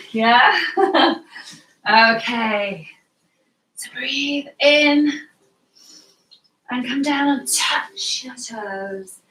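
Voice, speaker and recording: A woman from the United Kingdom teaching a guided yoga class, encouraging her students, laughing often and cueing breaths softly. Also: a little high, recorded from a distance. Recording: roomy sound from away from the mic.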